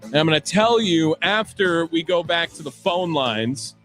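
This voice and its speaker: This sports radio host takes calls in the studio with a cheerful, talkative manner, keeping up a nickname for the caller. He talks unhurriedly and animatedly in a fairly high, slightly bright voice over soft background music, picked up by a studio microphone.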